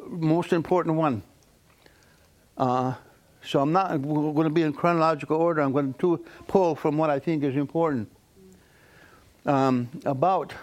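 A man from a Mohawk community telling stories to listeners in a halting, casual way, with many fillers and pauses and chuckling at his own jokes. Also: fairly high pitch. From Akwesasne Mohawk community. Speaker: storyteller. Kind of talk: casual spoken storytelling.

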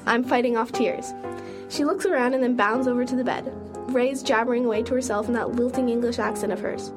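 Woman reading a story over soft music. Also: on the high side, fairly even intonation, fairly quick. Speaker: narrator. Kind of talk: reading a first-person story aloud.

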